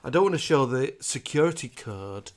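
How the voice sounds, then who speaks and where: A man's voice: mid-range voice, lively intonation, normal speed. Giggly man hosting a live chat. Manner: chatty and giggly, reads out thank-yous. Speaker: host. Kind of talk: casual chat on a live stream.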